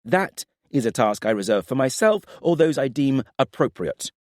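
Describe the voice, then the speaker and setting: A man voicing a proud, stern king who speaks in a forceful, clipped, lecturing way. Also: medium pitch, very animated, moderate pace, dry recording, clean studio sound, pitched above the performer's own voice, close to an everyday voice.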